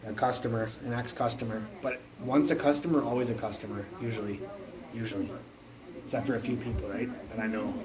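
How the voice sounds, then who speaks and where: A man's voice: mid-range voice, fairly even intonation, quick pace, hardly any pauses, a crowd in the background, poor audio. A man rambling through stories on a phone livestream, swearing and jumping between topics. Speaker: livestream host. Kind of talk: rambling casual livestream chat.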